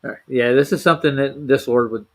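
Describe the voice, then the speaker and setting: A man's voice: mid-range voice, fast. Jokey man who laughs often. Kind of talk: casual chat.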